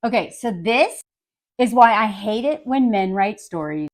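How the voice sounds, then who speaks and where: A woman giving casual, sarcastic film commentary in a blunt, animated way. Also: medium pitch, a little slow.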